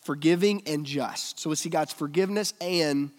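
A man's voice: on the high side, normal speed. Emphatic preacher man with hall reverb. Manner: swings between loud emphasis and hushed near-whisper. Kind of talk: sermon.

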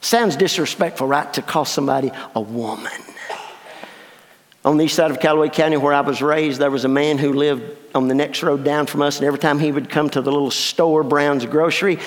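A man pastor preaching a storytelling sermon with dramatic swings between hushed asides and exclaiming. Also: fairly high pitch, fairly even intonation, fairly quick. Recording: long reverb of a large hall.

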